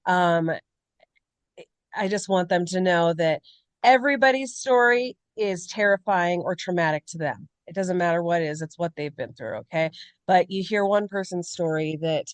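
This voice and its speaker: A woman's voice: lowish voice, no echo. A woman co-hosting a podcast, talking candidly and in a rambling way about personal struggles in casual chat. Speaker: podcast co-host.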